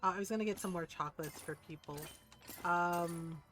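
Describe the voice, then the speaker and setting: A woman streaming a game, telling gossipy stories in a lively, casual way and swearing freely. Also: fairly low pitch, moderate pace, faint music behind. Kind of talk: casual live-stream chat.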